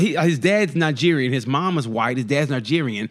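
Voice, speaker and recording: A man co-hosting a podcast, telling stories in casual chat, animated, swearing freely and acting out what others said. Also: medium pitch, normal speed, hardly any pauses. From United States. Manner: animated storyteller, swears freely, acts out quotes. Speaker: podcast co-host.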